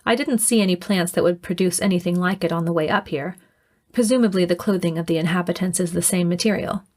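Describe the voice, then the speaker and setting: A woman's voice: lowish voice, fast talker, darkish tone, natural voice. Woman reading as a matter-of-fact male scientist.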